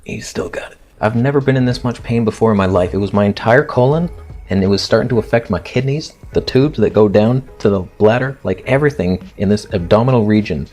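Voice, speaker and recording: A low-pitched man in his thirties recounts his own ordeal with blunt, self-mocking drama. He often slips into acting out what he said at the time. Faint music plays quietly behind him. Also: fast. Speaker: fitness influencer telling a story. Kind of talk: animated personal storytelling.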